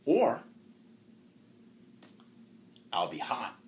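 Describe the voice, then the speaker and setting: A man's voice: medium pitch, wildly swooping pitch, measured pace, slight background noise. A man voicing a shrewd, teasing old woman, a hag, in a retold tale; he speaks slyly and mockingly. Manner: sly, mocking.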